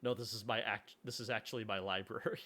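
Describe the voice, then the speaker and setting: A man's voice: lowish voice, fairly even intonation, fast, sharp tone. A man casually chatting on a live stream while building a game level, laid-back and chuckling.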